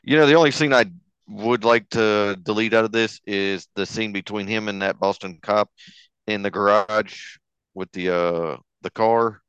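A man chatting casually about a movie, easygoing and quick to laugh. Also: lowish voice, a bit bright, clean tone, no echo, dull audio. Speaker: podcast co-host. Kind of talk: casual movie review chat.

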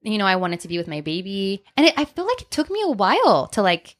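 A woman's voice: mid-range voice, big pitch swings, quick pace. A woman in casual chat, animatedly telling personal stories, acting out quotes and laughing often. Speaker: guest.

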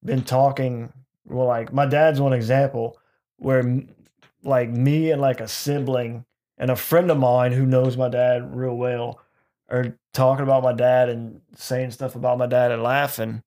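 A man, talking as a guest on a comedy podcast. He speaks in a halting, rambling way, stopping and restarting his thoughts. His pitch sits mid-range. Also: flat delivery, mellow. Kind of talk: casual podcast chat.

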